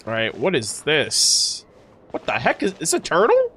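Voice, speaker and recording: A man streaming a game, reacting and joking excitedly with his chat as he plays. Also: fairly high pitch, a little slow, a little hiss or hum. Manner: excitable, jokey, talks to chat. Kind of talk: casual gameplay reaction commentary. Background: faint game music.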